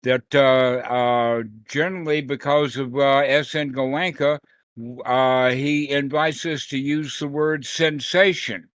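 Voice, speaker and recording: Meditation teacher, male, slow unhurried delivery, bright dry voice, playful with quoted voices on a video call. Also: mid-range voice, steady tone, no echo. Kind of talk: dharma talk on a group call.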